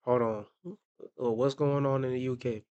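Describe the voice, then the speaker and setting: A man's voice: mid-range voice, fairly even intonation, a little slow, mellow, clean tone, dry recording, dull audio. A man hosting a reaction video, talking casually in blunt, profane asides and repeating his fillers.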